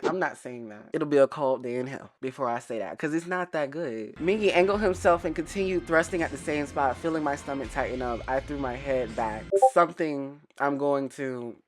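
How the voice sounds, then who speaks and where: A man's voice: fairly high pitch, normal speed, hardly any pauses, faint music behind. A man reading fanfiction aloud in a dramatic, comedic way, breaking off into sassy asides and laughter. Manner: animated, exaggerated reactions, frequent laughter and sassy commentary.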